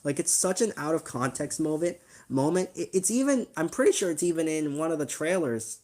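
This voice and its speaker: A man's voice: on the high side, lively intonation, normal speed, few pauses, a little mellow. Brief: male channel host, casual reaction commentary; rambling, self-deprecating, slangy. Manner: rambling, laughing at himself, slangy. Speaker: channel host reacting to his old video.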